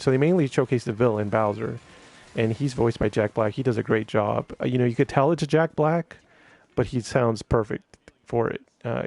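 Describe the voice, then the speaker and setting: A man's voice: medium pitch, creaky, darkish tone. A man chatting casually on a live stream, rambling with many fillers and restarts while reading viewer comments.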